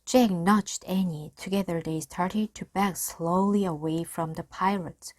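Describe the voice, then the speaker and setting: A woman reading a children's chapter book aloud, slow and expressive. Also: lowish voice, no echo. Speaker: reader.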